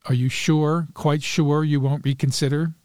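A man reading the lines of a calm, cold and composed mistress in a story, speaking quietly. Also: fairly high pitch, moderate pace, no echo, clean studio sound, lightly acted. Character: cool, composed scheming mistress, adult woman. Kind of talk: read-aloud story dialogue.

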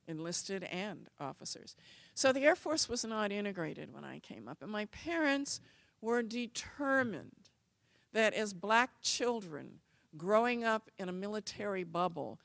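A woman from the United States telling personal stories in an expressive, animated manner. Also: mid-range voice, vocal fry, dry recording. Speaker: speaker. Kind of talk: personal storytelling talk.

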